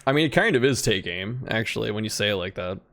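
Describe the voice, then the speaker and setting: A man as a guest in a casual video game discussion, relaxed and laughing easily as he talks. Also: lowish voice, fast talker. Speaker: guest content creator.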